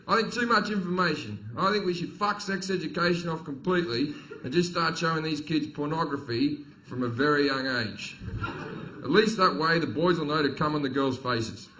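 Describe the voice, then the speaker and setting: A man with an Australian accent doing a stand-up comedy set, telling crude, profane stories and punching up the jokes loudly. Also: fairly high pitch, normal speed, poor audio. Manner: crude, profane, storytelling delivery with sudden loud punchlines. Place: comedy venue stage with audience.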